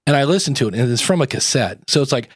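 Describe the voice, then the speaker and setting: Male co-host, mid-pitch, chatty storyteller, dry close-mic sound. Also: animated, very fast, husky, no echo. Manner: storytelling, chatty, self-interrupting. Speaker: podcast co-host. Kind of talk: casual podcast chat.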